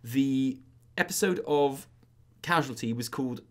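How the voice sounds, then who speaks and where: A man's voice: mid-range voice, unhurried. A young man from Britain, co-hosting a casual chat, rambling and self-mocking with lots of fillers. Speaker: YouTube co-host.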